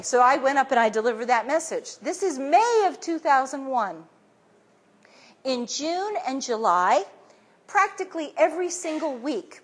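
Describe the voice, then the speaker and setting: Woman talking to a crowd, high husky voice, keeps acting out what people said, lots of restarts. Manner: acts out quoted voices, restarts often. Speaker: speaker giving a talk. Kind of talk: animated storytelling talk to an audience.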